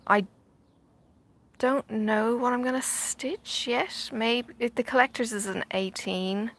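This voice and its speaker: A woman's voice: mid-range voice, steady tone, slow, sharp tone. A middle-aged woman, chatting casually while she stitches outdoors in the sun, rambling with many fillers and dropping into half-whispered asides. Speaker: vlogger.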